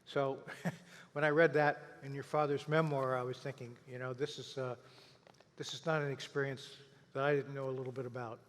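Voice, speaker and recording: Older man, halting historian. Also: medium pitch, level tone. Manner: halting, with filler phrases. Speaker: historian, interviewer. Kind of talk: interview conversation. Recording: long reverb of a hall.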